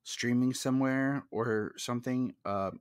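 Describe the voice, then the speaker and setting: A man's voice: mid-range voice, fairly even intonation, measured pace, smooth, no echo, studio quality. A man appearing as a podcast guest and film expert, talking in a rambling way with many restarts. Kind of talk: casual film discussion podcast.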